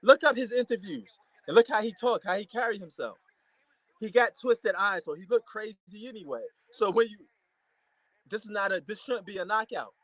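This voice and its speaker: A man giving a casual, excitable reaction commentary to a boxing match, repeating himself and using slang. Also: high-pitched, moderate pace, no echo, highs cut off. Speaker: fight reaction host.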